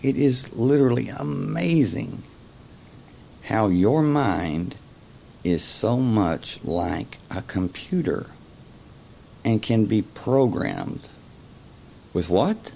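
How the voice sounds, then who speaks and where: A man hosting a casual explanatory monologue, talking slowly and haltingly, often repeating words. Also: on the low side, animated, creaky, warm tone, a little hiss or hum. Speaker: host.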